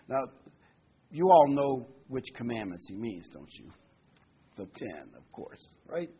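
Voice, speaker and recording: Male preacher, husky voice, folksy sermon, dull lo-fi recording. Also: fairly low pitch, sing-song, takes it slowly. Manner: reads verses then explains in folksy asides. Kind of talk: sermon with scripture reading.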